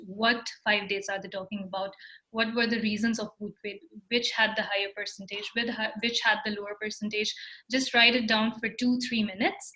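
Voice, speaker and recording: Female instructor on a video call, higher voice, patient step-by-step teaching. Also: sharp tone, low-quality recording. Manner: explains step by step, with fillers. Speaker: workshop instructor. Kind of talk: online workshop teaching.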